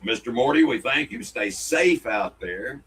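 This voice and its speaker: A man's voice: medium pitch, animated, measured pace, a bit bright, husky, rough recording. A man, co-hosting a casual podcast and reading fan mail in a folksy, jokey way. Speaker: co-host.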